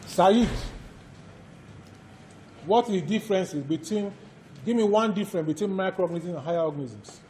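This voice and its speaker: Nigerian lecturer dictating notes to a class. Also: male voice, high voice, dark tone, slight background noise. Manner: repeats each point slowly for note-taking; quizzes students directly. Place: lecture hall.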